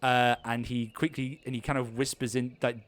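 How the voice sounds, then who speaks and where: A man's voice: medium pitch, little pitch movement, moderate pace. Rambling male game master. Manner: rambling, lots of fillers and restarts. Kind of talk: improvised tabletop narration.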